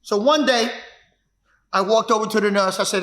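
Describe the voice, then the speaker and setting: Martial arts teacher guy telling his story, punchy and repetitive, bright sharp voice, roomy echo. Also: high voice, moderate pace, pauses often. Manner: emphatic, repetitive, builds to shouts. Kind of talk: personal storytelling. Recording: echoey room.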